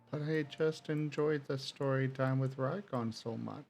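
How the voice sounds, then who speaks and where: A man's voice: medium pitch, unhurried, creaky, few pauses, darkish tone. A man chatting as a guest on a stream, easygoing in manner. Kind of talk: casual stream chat.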